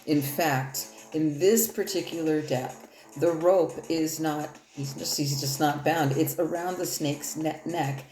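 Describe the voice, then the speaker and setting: A woman's voice: low-pitched, steady tone, measured pace, hardly any pauses. A woman giving a loose, rambling tarot reading in casual, profane talk. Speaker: tarot reader. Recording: echoey room with loud music.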